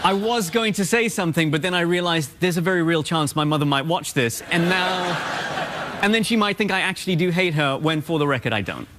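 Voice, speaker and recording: South African man with a London touch, dry self-mocking guest, TV studio mic with a steady hiss behind. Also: a little high, brisk. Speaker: talk show guest. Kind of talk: comic interview banter.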